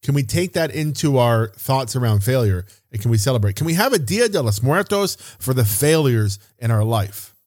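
A man's voice: medium pitch, lively intonation, moderate pace, few pauses, a little mellow, dry recording, clean studio sound. A man hosting a solo motivational podcast as a business coach, speaking casually and stressing points by repeating phrases. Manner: casual, occasional swearing.

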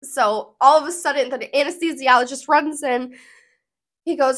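Woman vlogger, slightly high voice, earnest and emotional casual storytelling to camera. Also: steady tone, moderate pace, fairly bright tone.

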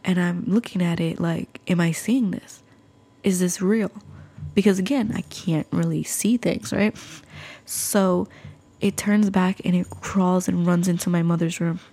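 A woman with a fairly low voice and a lot of vocal fry tells a spooky story for her podcast. She keeps it casual and chatty, filling her sentences with little asides to the listeners. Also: fairly even intonation, a little slow, dark tone. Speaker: podcast host.

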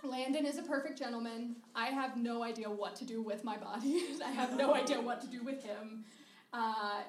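A woman's voice: fairly high pitch, far from the mic. A young woman telling a funny personal story on stage, talking chattily with lots of "like" and frequent laughter. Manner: chatty, says "like" a lot, laughs through the story. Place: live show venue. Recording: roomy live stage recording with noise.

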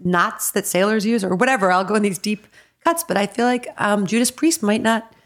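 A woman's voice: mid-range voice, fairly quick. Chatty, giggly woman guest. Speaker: podcast guest. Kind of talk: casual chat.

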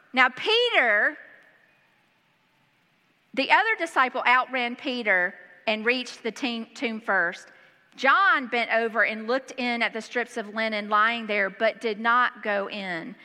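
Woman pastor, sermon in a large hall, high bright voice, long reverb. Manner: reads scripture aloud and breaks in with lively asides. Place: church hall.

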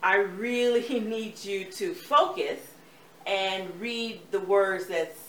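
Woman, exasperated casting director, loud calls, roomy, far from mic. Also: medium pitch. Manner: brisk, exasperated, calling out loudly. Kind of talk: comedy sketch acting. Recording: roomy, distant, faint ambient hiss.

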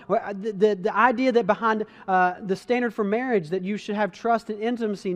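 Brief: a high-pitched man speaking to a crowd, earnest and chatty, often restarting his sentences. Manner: earnest, conversational, frequent restarts, addresses listeners as guys. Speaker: speaker giving a motivational talk. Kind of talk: earnest storytelling talk to an audience.

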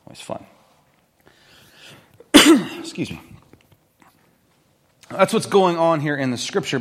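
With a medium, slightly bright voice, a middle-aged man delivers a sermon as a pastor, keeping it conversational. He tells the story like a storyteller and acts out the quoted voices of its characters.

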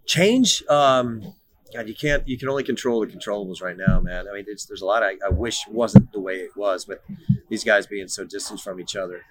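Speaking briskly in a voice on the low side, with no echo, a middle-aged man who once played soccer professionally shares stories as a casual interview guest. He tends to repeat words at the start of his sentences.

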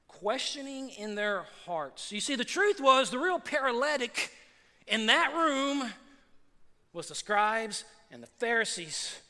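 A man preaching a sermon as pastor, animated and acting out the people in the story. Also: high-pitched. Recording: long reverb of a large hall.

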